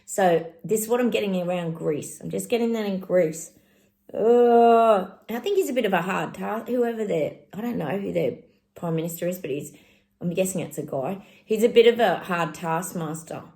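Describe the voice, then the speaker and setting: A middle-aged woman chats through a casual psychic reading and speaks straight to her viewers. Her voice carries a lot of gravelly fry, and she exclaims often. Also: fairly low pitch, lively intonation, a little fast, a little mellow. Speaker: psychic channel host.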